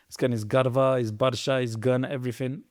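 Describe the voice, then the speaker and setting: Guy on a podcast telling history all fired up and preachy, mid-pitched voice, dry close sound. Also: level tone, a little fast, no room sound. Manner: earnest, preachy, swings between loud emphasis and quiet asides. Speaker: podcast storyteller. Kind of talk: impassioned historical storytelling in a podcast chat.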